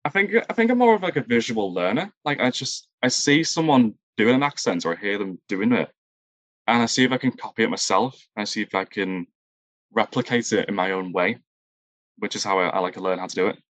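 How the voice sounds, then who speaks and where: Halting man searching for words. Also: lowish voice, lively intonation, a bit bright, no echo. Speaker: improv performer, guest. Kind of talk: casual interview answers.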